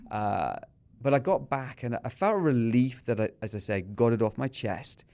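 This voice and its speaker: A man's voice: medium pitch, expressive, moderate pace, warm tone. A middle-aged English man with an English accent, speaking as a podcast guest and telling his story candidly and earnestly. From England. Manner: earnest and openly confessional, acts out remembered dialogue. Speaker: podcast guest, small business owner. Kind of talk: candid personal storytelling in an interview.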